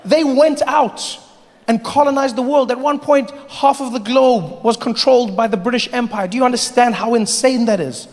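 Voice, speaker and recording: A man from Africa performing an animated stand-up comedy routine, acting out voices as he tells stories. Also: very high-pitched, fairly quick, few pauses. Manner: animated storytelling with acted-out voices. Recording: live hall with audience. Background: audience laughter.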